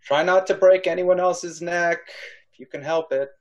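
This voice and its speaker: A man's voice: high voice, steady tone, moderate pace. A man playing a tabletop game, playful and speaking in character. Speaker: player.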